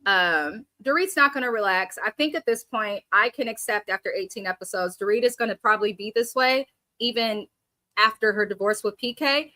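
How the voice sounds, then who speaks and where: Sassy lady doing a live recap stream, bright sharp voice, dry close sound. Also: mid-range voice, normal speed, no room sound. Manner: blunt, sassy, reads chat aloud; mimics cast members in exaggerated voices. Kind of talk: casual live reaction commentary.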